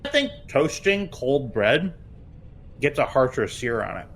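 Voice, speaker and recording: Animated swearing man telling a story. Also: mid-range voice, measured pace, slight background noise. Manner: swearing, laughing, animated quoting. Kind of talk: casual chat, animated storytelling.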